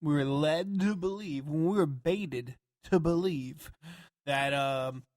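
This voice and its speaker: A man co-hosting a podcast, talking in a rambling, profane and animated way. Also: a little high, slow pace, no echo, studio quality. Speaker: podcast co-host. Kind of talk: casual chat.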